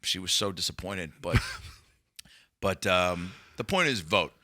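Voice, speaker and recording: A man on a podcast telling a long story as a comedian guest, animated and profane, rambling with restarts. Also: sits low, takes it slowly.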